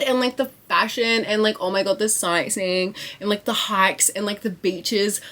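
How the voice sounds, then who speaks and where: A young woman chatting to camera in a casual vlog, excitable and rambling, with lots of swearing and filler words. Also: mid-range voice, moderate pace, few pauses. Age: young adult. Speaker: vlogger.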